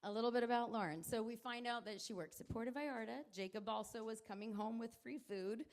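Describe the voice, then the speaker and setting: A woman's voice: a little high, fast. Middle-aged woman giving a tearful wedding toast. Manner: tearful, laughing through tears, rambling. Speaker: groom's mother giving a wedding speech. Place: wedding reception hall.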